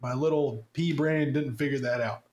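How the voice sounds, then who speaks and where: A man's voice: mid-range voice, moderate pace, a little mellow. A man hosting a podcast in casual chat, joking and swearing freely as he rambles. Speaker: podcast host. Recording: roomy echo.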